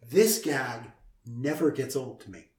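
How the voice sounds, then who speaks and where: A man in the middle pitch range hosts a playful chat, drawing things out and teasing his partner. His voice carries a clear room echo. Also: lively intonation, a little mellow, distant mic. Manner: teasing, drawn-out, stalling with breathing exercises. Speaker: host. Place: indoors at a table. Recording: roomy echo.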